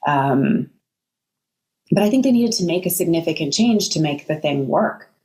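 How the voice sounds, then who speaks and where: A woman with a fairly low voice talks as an interview guest. She thinks aloud, measured and a little hesitant, weighing each answer. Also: animated, darkish tone. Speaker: actress guest. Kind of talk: casual interview.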